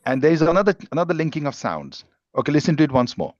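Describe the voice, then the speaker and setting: A man's voice: a little high, quick pace, dry recording, muffled recording. A man, teaching a live workshop on speaking skills and explaining points steadily. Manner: explanatory, steady, stresses single words when demonstrating. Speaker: English language teacher, guest speaker.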